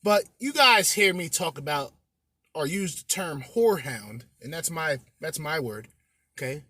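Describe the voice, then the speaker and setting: A man's voice: on the high side, animated, unhurried, bright, forceful tone, dry recording. Brash, swearing male podcast host. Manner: brash, swearing, bantering with listeners. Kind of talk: casual podcast commentary.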